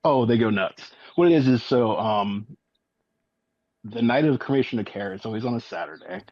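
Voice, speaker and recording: A man speaking as an interview guest, telling his story in a halting, matter-of-fact way with many fillers. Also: lowish voice, lively intonation, darkish tone, dry recording, muffled recording. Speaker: guest, eyewitness.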